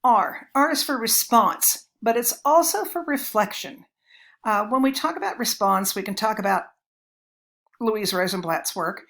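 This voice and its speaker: Middle-aged woman lecturer, warm storytelling manner, some vocal fry. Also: fairly high pitch, lively intonation, unhurried. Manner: chatty, anecdotal, addresses listeners as folks. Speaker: children's literature professor. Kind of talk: recorded lecture.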